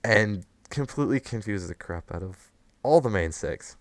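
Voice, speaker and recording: Low-voiced man hosting a podcast. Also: animated, moderate pace, dry recording. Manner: laughs often while recapping. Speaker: podcast host. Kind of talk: casual chat.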